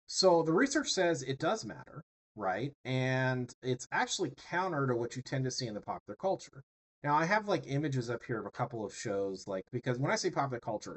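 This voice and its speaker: A man teaching a class in an easygoing, talky way. His voice sits at an ordinary middle pitch, and he keeps checking in with his listeners as he goes. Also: low-quality recording. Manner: conversational, many fillers and tag questions. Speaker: instructor. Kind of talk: classroom lecture.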